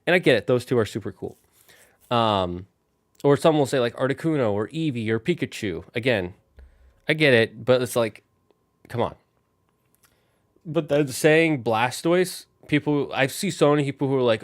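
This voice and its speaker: A man of ordinary middle pitch talks to his live chat while he plays a video game. He rambles from one thought to the next, in a loose, casual way. He speaks into a desk microphone. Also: expressive, moderate pace, long pauses. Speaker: streamer.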